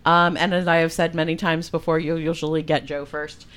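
A woman in a fairly low register co-hosts a relaxed podcast. She sounds cheerful and laughs easily as she talks. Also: brisk. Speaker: podcast co-host. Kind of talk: casual podcast chat.

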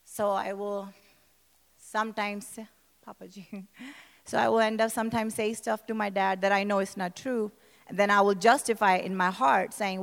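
A woman minister giving an emotional church testimony, speaking in a hall and building to passionate shouting. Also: medium pitch, fairly even intonation, moderate pace, creaky. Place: church service.

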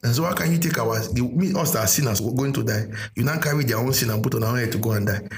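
A man's voice: mid-range voice, fast talker. A man teaching a sermon, explaining with everyday stories and repeating key phrases. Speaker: preacher.

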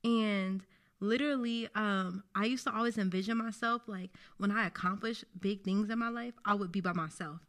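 A young woman talks through her faith in a relaxed, unscripted way. Her voice sits at a middle pitch, and she speaks earnestly and reflectively, leaning on "like" as she thinks aloud. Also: normal speed. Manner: earnest, reflective, lots of "like" fillers. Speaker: podcast co-host. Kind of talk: casual faith podcast chat.

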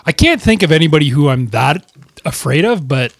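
A man's voice: a little high, sing-song, brisk, dry recording. Laid-back man telling a firefighting story. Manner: laid-back, plain-spoken. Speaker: firefighter, podcast co-host. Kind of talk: casual chat and storytelling.

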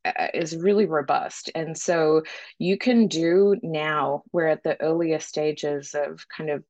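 A woman's voice: low-pitched, steady tone, takes it slowly, a little mellow, dry recording. A woman with an Australian accent, a founder talking casually as an interview guest, friendly and explaining in a thoughtful way. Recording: dull lo-fi dry sound.

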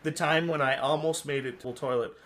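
A man telling a story in casual chat, halting and full of fillers. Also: on the high side, fairly even intonation, a bit bright, a little hiss or hum.

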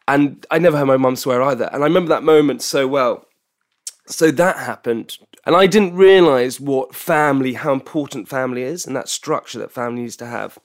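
Speaking fairly quickly at a medium pitch, a young man from England shares an open, personal story as a podcast guest. He's energetic, often starting sentences over and repeating himself.

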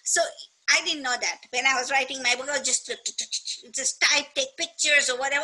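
A middle-aged woman with a high, very bright voice who talks in an animated, motivational way. She is emphatic and acts out quoted lines. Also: a little fast, low-quality recording. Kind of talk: casual motivational chat.

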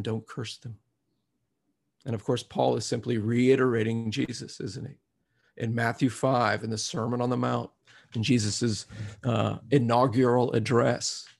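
A man's voice: mid-range voice, creaky, breathy edge. A man preaching a sermon, reflective at first and growing emphatic as he reads scripture aloud.

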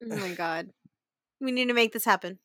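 A woman co-hosting a podcast, chatting in an excitable, giggly way. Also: medium pitch, a little fast, dry recording, clean studio sound. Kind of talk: casual chat.

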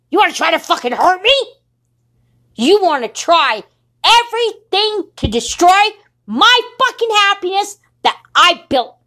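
Young adult woman, defiant angry rant full of swearing, high voice, slow and deliberate. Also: fairly bright tone. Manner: furious, defiant, swearing constantly. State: sleep-deprived. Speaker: podcaster. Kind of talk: angry profane monologue.

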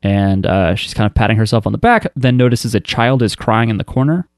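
A man's voice: lowish voice, a little fast, smooth, dry recording, clean studio sound. A man casually recapping an anime episode for a podcast, wry and loose, with lots of fillers and restarts. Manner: rambling, filler-heavy storytelling with frequent restarts. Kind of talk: casual chat.

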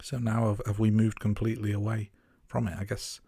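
A man's voice: on the low side, completely flat delivery, fairly quick, vocal fry, warm tone, breathy edge, dry recording. A man co-hosting a podcast, chatting casually about a film, laughing at himself and restarting his sentences. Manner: self-deprecating, laughs at himself, stumbling restarts. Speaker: podcast co-host.

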